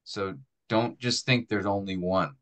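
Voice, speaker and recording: Slow, bright-voiced preaching teacher, a man. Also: on the low side. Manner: thoughtful, conversational, demonstrates delivery with acted examples. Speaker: preaching instructor.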